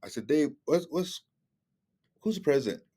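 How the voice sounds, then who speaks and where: A man's voice: fairly high pitch, normal speed. A middle-aged man telling stories in a casual conversation, acting out the other people's lines in changing voices. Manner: animated, acts out dialogue with shifting voices. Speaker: guest speaker.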